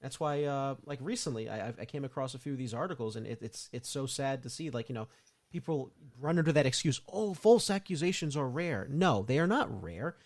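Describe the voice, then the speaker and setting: A man's voice: mid-range voice, a little fast. A man co-hosting a casual podcast, reading out news items and adding sarcastic asides. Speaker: podcast co-host.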